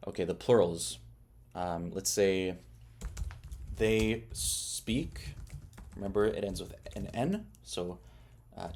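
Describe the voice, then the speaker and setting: A young man with a slightly low voice teaches a beginner's lesson in a casual, chatty way. He explains step by step and stops now and then to ask the viewer questions. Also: darkish tone, slight background noise. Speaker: Spanish teacher.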